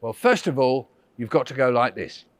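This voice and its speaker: A man voicing a patient, brisk female speech therapist who speaks in a matter-of-fact way. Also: very deep voice, expressive, no echo. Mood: instructing.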